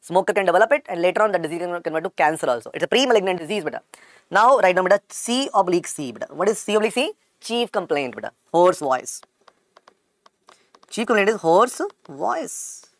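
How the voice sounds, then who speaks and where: Indian guy teaching med students, rattles along quick, says every point over and over, dry close sound. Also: high-pitched, animated, dry recording. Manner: drills each point by repeating it, calls students beta. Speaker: medical lecturer. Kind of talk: recorded exam-prep lecture.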